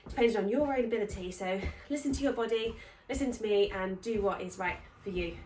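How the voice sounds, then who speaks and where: A fitness instructor leads a workout from a room at home, chatting encouragingly while counting reps and growing breathless from the effort. Her voice is medium-pitched, brisk and somewhat dark, with faint music in the background. The room echoes and she sounds distant from the mic.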